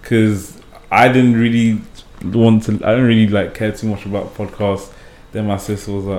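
A man's voice: on the low side, normal speed, reverberant. A man with a British accent, chatting casually as a podcast guest, laughing often and teasing. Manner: laughs often, says "bro" a lot, animated teasing.

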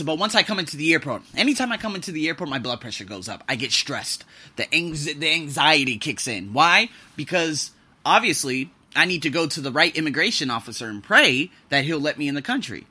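A young man hosting a casual podcast monologue, animated and profane, swinging between loud bursts and low muttering. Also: husky. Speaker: podcast host.

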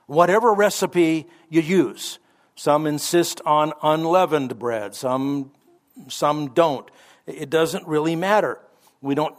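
A man teaching the Bible as a radio pastor, conversational with offhand asides and self-corrections, slowing down to stress the scripture he quotes. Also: on the high side.

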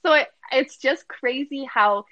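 Young woman, podcast host, higher voice, close and dry sound, chatty storytelling full of fillers. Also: measured pace, no echo, dull audio. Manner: animated storytelling, many "like" fillers. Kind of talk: casual chat.

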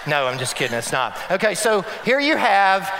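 A man preaching a sermon as a pastor, animated, acting out quotes and mixing in humor. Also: high voice, moderate pace, in a large hall.

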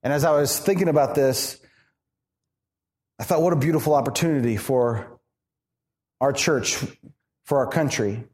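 A man pastor preaching a sermon in an animated, conversational way, asking the congregation questions. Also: mid-range voice, moderate pace, long pauses. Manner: animated, conversational, acts out quoted voices.

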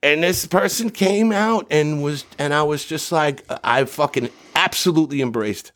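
A middle-aged man telling stories in a casual podcast chat, rambling and profane, with animated bursts. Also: fairly high pitch, moderate pace. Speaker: voice actor guest.

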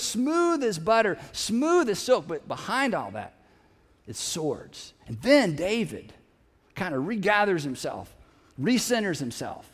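A middle-aged male pastor preaching a sermon in an emphatic, animated way, repeating phrases and dropping suddenly to a hush. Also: high voice. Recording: long hall reverb.

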